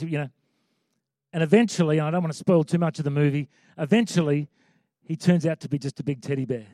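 Male pastor, high voice, chatty sermon, emphatic repetition, dry close sound. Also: mellow, dry recording. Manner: conversational preaching with emphatic repeated lines.

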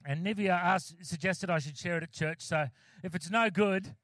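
Aussie pastor guy chatting thru a sermon, lots of uhs and jokes, highish voice, dry close sound. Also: normal speed, a bit bright, no echo. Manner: chatty, joking, with many fillers and restarts. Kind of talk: casual sermon.

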